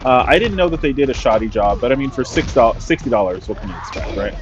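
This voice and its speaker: A man's voice: mid-range voice, lively intonation, fast. Profane, wry man telling a story. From Sacramento, California. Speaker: gaming storyteller. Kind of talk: storytime vlog over gameplay. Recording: dull audio with faint background music.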